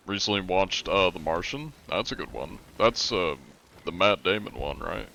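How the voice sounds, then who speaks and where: A man streaming a game live, chatting in a relaxed, rambling way and swearing casually. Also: low voice, normal speed, vocal fry, slight background noise. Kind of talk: casual live-stream chat while gaming.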